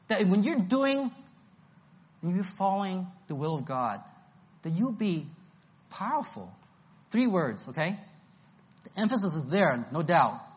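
A man's voice: high-pitched, fairly bright tone. A man preaching an expository Bible-study sermon, emphatic and enthusiastic, repeating his key phrases.

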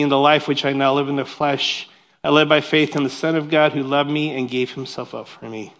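Speaking at medium pitch, this preacher reads passages of scripture and unpacks their meaning. His sermon is lively, sprinkled with jokes at his own expense.

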